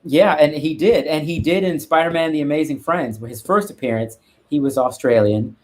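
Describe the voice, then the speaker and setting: A man's voice: a little high, normal speed, a little mellow. A man, a guest art collector, chatting casually on a live stream and rambling with restarts and asides.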